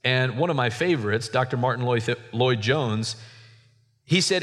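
Animated male preacher in a reverberant hall. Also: moderate pace. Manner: animated preaching, swinging between soft asides and sudden high emphasis. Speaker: pastor. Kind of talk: sermon.

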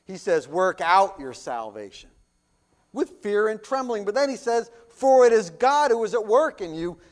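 A man preaching a sermon as pastor, reading scripture and asking rhetorical questions, with loud emphatic swells and hushed drops. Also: high voice, very animated, moderate pace.

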